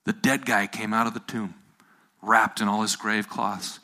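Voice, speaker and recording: A man's voice: on the low side, fairly even intonation, a little slow, sharp tone. A man preaching a sermon, retelling a Bible story to a live audience, repeating phrases and asking his listeners questions.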